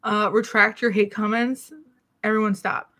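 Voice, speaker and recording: A woman's voice: medium pitch, little pitch movement, normal speed, pushed and bright. A woman chatting casually on her home vlog, rambling and self-deprecating, a little out of breath and coughing now and then. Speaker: beauty YouTuber. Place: small city apartment alcove.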